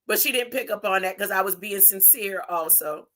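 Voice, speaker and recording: A woman giving an impassioned spiritual monologue, drawing her words out and tagging her points with a rising "huh?". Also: medium pitch. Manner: drawn-out, deliberate phrasing with sudden loud bursts. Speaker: spiritual video preacher.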